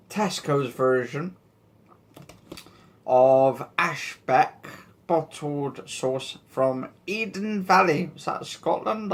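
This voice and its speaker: A man's voice: fairly high pitch, fairly bright tone. A man hosting a casual news commentary vlog, rambling and joking as he talks and swearing now and then. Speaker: vlog host.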